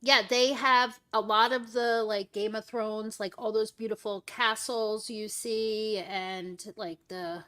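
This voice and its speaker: A woman with a fairly high, slightly bright voice hosts a casual stream chat, speaking slowly and steadily with few pauses. She rambles along chattily, leaning heavily on "like" and "um".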